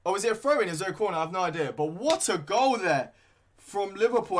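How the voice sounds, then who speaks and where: A young man giving live, excitable fan commentary on a football match, full of slang and shouting at big moments. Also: high-pitched, fast. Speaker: fan commentator streaming a watchalong.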